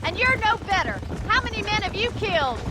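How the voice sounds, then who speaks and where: A woman's voice: very high-pitched, sing-song, fairly quick. An actress playing a young, outspoken frontier ranch woman in a western game, talking bluntly. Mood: scornful. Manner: blunt, scornful. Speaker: rancher's daughter. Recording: game audio over loud noise.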